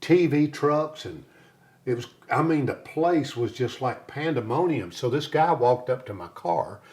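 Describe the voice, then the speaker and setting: In a casual interview, a male guest tells stories with lively energy, performing what other people said as he goes. His voice is medium in pitch and unhurried.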